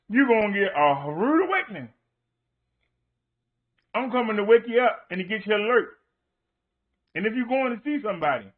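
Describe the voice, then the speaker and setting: A man preaching on his online show, hammering points home with repeated rhetorical questions. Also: sits high. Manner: emphatic, repetitive rhetorical questions. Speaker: minister. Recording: tinny phone-like sound.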